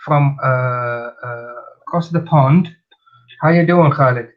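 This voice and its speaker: A man's voice: mid-range voice, slow pace, highs cut off. A man hosting a casual live stream chat, telling stories bluntly with many restarts. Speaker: host.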